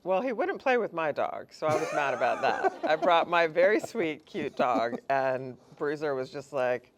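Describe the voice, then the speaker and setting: A woman's voice: low-pitched, very animated, normal speed, slight background noise. A woman screenwriter at a live cinema event, telling wry anecdotes with dry humor. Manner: wry, dry humor, quotes others in playful voices. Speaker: screenwriter guest. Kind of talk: casual conversational interview. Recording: live event with audible crowd.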